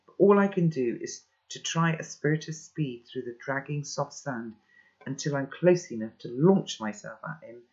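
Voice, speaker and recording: A man reading a children's novel aloud in a steady first-person narration, sometimes stepping out for brief spoken asides. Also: medium pitch. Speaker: storybook reader. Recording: dull lo-fi recording.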